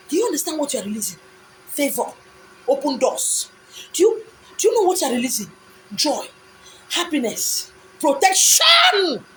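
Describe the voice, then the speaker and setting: Emphatic Nigerian woman, high voice. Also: a little mellow, a little hiss or hum, rough recording. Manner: emphatic and preachy, rhetorical questions and answers; repetitive, insistent phrasing with pidgin asides. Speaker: speaker giving a monologue. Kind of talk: impassioned monologue.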